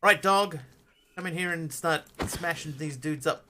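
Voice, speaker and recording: A man's voice: a little high, fairly even intonation, normal speed, noisy background. A man streaming a game live, chatting casually and greeting viewers while he plays. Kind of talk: live gameplay commentary.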